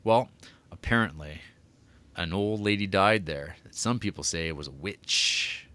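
A man co-hosting a casual podcast, rambling about horror movies with lots of fillers, swearing and excited tangents. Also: low voice, measured pace, clear, resonant tone. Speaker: podcast co-host reviewing movies. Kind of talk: casual chat.

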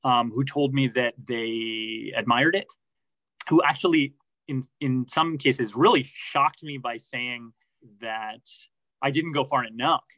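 Bright-voiced man, thoughtful interview answers. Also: mid-range voice, slow pace, dry recording, poor audio. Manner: thoughtful, many restarts and fillers. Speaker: podcast reporter, guest.

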